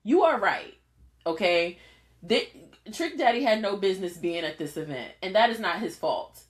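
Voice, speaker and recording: A woman's voice: mid-range voice, expressive, moderate pace. A woman co-hosting a podcast, chatting casually and animatedly, often laughing as she tells a story. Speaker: podcast co-host.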